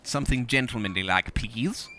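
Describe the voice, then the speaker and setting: A man's voice: medium pitch, normal speed, sharp tone, a little hiss or hum. A man hosting comedic gameplay commentary in a theatrical, pompous manner. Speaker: gaming host in character. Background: game music and sounds.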